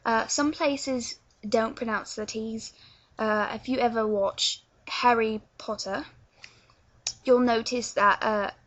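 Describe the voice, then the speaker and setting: A woman's voice: fairly high pitch, steady tone, slow, fairly bright tone. A young woman from England with a London accent, chatting her way through a casual tutorial with lots of filler words. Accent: London English. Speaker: vlogger teaching accents.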